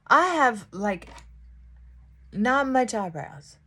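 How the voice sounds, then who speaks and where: A woman's voice: a little high, big pitch swings, very slow, pushed and bright, slightly rough. A middle-aged woman chatting casually to viewers while she does her makeup at home. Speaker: beauty vlogger. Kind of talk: casual get-ready-with-me chat.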